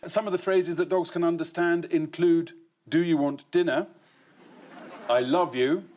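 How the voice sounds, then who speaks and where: A man's voice: on the high side, steady tone, a little slow, a little mellow. A man hosting a comedy news quiz in a television studio, reading out questions and landing dry, wry punchlines. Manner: dry, wry delivery of set-up jokes. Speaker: quiz show host.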